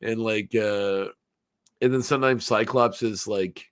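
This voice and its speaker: A man hosts a podcast, casually recapping a cartoon episode while rambling with plenty of fillers, restarts and laughs. His lowish voice is steady, a little slow, clear and resonant, recorded in a clean studio with no echo.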